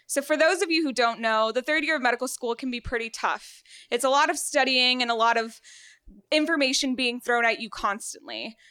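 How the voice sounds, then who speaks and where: A woman's voice: fairly high pitch, fairly quick, smooth. A woman in her twenties from Venezuela, raised in South Florida, telling a self-deprecating first-person story live on a theater stage. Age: 20s. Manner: lively and self-deprecating, laughs often.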